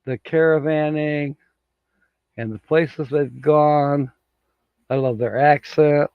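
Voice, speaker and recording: Slow, chuckling man hosting a livestream. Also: on the high side, fairly even intonation, vocal fry, smooth, no room sound, narrow, tinny audio. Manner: chuckling often, slow and rambling. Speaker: livestream host. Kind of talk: casual livestream chat reading viewer comments. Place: home studio with green screen.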